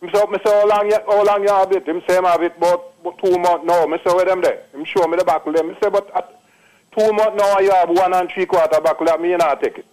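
An older Jamaican man in his late sixties phones in with an emphatic testimonial. His voice sits a little high for a man, and he keeps circling back with "trust me" and patois phrasing. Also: steady tone, fast, a little mellow, rough recording. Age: late 60s. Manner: repeats himself, drops into patois, emphatic. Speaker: caller.

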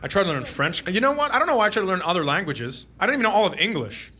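A man from Minnesota races through a stand-up comedy routine in a high-pitched voice, animated and jokey, acting out voices and sounds.

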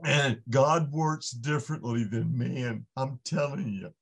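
A man's voice: mid-range voice, slow pace, gravelly, slightly rough. A man, a podcast guest, giving an impassioned faith testimony in an earnest storytelling manner with frequent restarts.

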